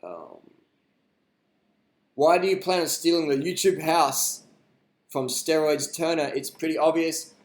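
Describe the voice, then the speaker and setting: A man's voice: a little high, animated, measured pace, long pauses, roomy sound. A man hosting a live stream, answering viewer questions in a blunt, rambling, profane way. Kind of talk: casual unscripted live stream chat.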